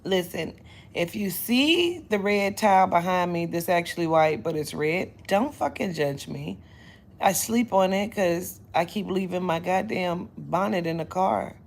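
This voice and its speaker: Woman, low gravelly voice, unhurried profane livestream storyteller. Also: lively intonation. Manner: profane, loud, laughing storyteller. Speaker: psychic livestream host. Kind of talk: casual livestream chat. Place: bedroom, indoors.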